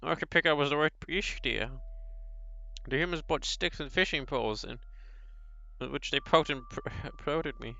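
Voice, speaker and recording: A man reading a visual novel aloud, voicing a brooding male beast who longs to be human, slow and solemn with pauses. The sound is slightly dull and lo-fi. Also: a little high, creaky, bright, forceful tone, no echo.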